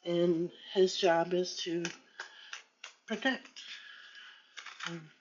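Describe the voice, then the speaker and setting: Woman, tarot vlogger, slow halting talk, mellow voice, hurt and defiant, dull lo-fi sound. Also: on the low side, steady tone, slight background noise. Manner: slow, halting, with many restarts and pauses; pained and defiant in turns. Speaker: vlogger reading tarot cards. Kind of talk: emotional personal monologue with card reading. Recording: dull lo-fi recording.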